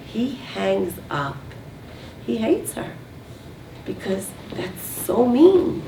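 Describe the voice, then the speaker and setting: A woman with a gravelly voice coaches a live audience through a communication lesson and draws answers from the room. She is heard from a distance in an echoey space. Faint noise sits under her voice. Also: on the high side, sing-song, drawn-out words, pauses often, warm tone. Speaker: communication workshop instructor. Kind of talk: teaching to a group.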